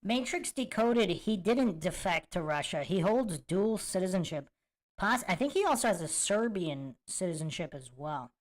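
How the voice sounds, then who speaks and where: A woman's voice: fairly low pitch, animated, normal speed. A woman hosting a podcast, reacting to clips with amused disbelief and reading out viewer comments. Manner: amused, incredulous, laughs often. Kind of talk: casual commentary with chat readouts.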